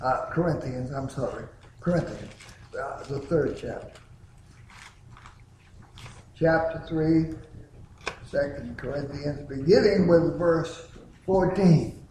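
Slow, deliberate preacher in an echoey room. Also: male voice, fairly high pitch, dark tone, slight background noise. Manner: slow, deliberate preaching with dramatic pauses and emphatic peaks. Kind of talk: sermon with sung hymn opening.

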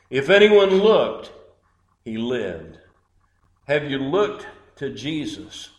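Speaking slowly in a sing-song, mid-range voice with long pauses, a man delivers a sermon. He tells stories dramatically, acting out the people in them and voicing their quoted words, all in an echoey room.

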